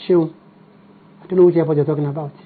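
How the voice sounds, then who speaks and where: A man's voice: fairly high pitch, steady tone, rapid-fire, husky, phone-quality sound. A Nigerian-accented man speaking as a party spokesman in a TV interview, combative and firing off rhetorical questions.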